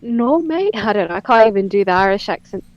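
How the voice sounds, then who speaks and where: A woman's voice: mid-range voice, animated, fairly quick, muffled recording. A woman from Britain with a British accent, chatting casually and laughing easily. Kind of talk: casual chat.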